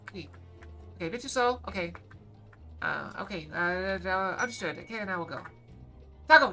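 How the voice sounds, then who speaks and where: A woman chatting quickly and playfully to her live-stream viewers while gaming, sometimes reading game lines aloud. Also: medium pitch, sharp tone, soft background music. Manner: fast-talking, bubbly, apologizes for talking too fast; reads game dialogue aloud.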